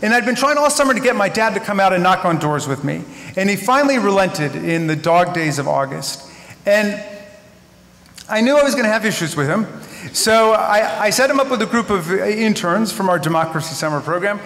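A man's voice: high-pitched, lively intonation, a little fast, fairly bright tone. A man in his fifties giving a memorial tribute speech in a large synagogue hall, telling stories earnestly with wry humor. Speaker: eulogist. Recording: echoey hall with long reverb.

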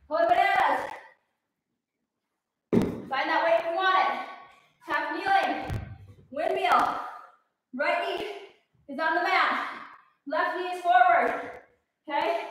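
A woman's voice: extremely high pitch, fairly bright tone, heavy reverb, recorded from a distance, a little hiss or hum, poor audio. A woman with a Minnesotan accent, leading a live workout class and cheering the class on while she counts down the reps. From Minnesota, USA. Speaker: fitness instructor.

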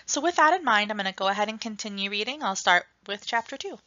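A woman reading a novel aloud in an expressive first-person storytelling voice. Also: medium pitch, fast talker, dry recording, highs cut off. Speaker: reader.

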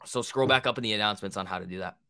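A man's voice: fairly low pitch, very fast, sharp tone, smooth. A young man hosting a trading livestream, answering viewer questions in a rambling, profane, joking way. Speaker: stock trading livestream host.

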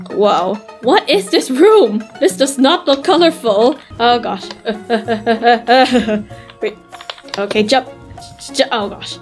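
A woman giving excitable gameplay commentary, squealing and laughing often as she plays. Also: a little high. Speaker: gamer.

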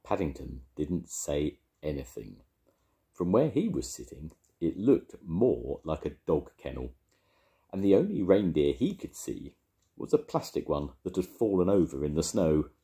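Old grandad reading a kids book, deep warm voice. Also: male voice, big pitch swings, measured pace. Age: older. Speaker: storytelling grandfather. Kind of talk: reading a picture book aloud.

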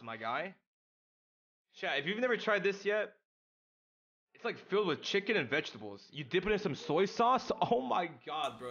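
Excitable young male streamer, lively and bright. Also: a little high, dull audio. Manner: excitable, slangy, talks straight to chat. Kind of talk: casual live-stream chat while gaming.

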